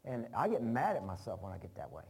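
A man's voice: medium pitch, wildly swooping pitch, quick pace, dark tone. Folksy preacher man. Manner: folksy, rambling, repeats phrases. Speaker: pastor. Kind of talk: informal sermon.

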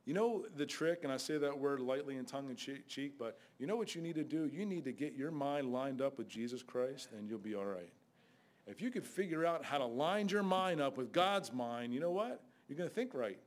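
A man's voice: medium pitch, animated, brisk. A man preaching a sermon in a blunt, conversational way, with sudden outbursts.

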